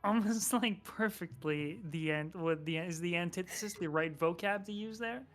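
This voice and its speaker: A woman's voice: lowish voice, moderate pace, soft background music. A woman player of a tabletop game chatting casually and teasing her friends. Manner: teasing, joking. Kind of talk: casual chat.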